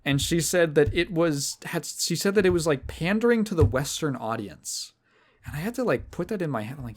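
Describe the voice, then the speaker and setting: A man hosting a podcast, telling a story in a casual, rambling and animated way. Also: on the high side, brisk. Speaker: podcast host. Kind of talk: casual chat.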